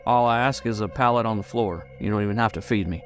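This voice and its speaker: A man's voice: lowish voice, a little fast, soft background music, lightly acted. A man voicing a tough, resentful backwoodsman who answers curtly and angrily. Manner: curt, angry.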